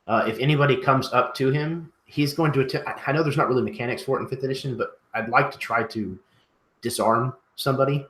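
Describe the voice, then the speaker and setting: A man's voice: medium pitch, fast talker, a bit bright, reverberant, a little hiss or hum. A man playing a tabletop game, talking hesitantly with many fillers. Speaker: player. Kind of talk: casual tabletop game chat.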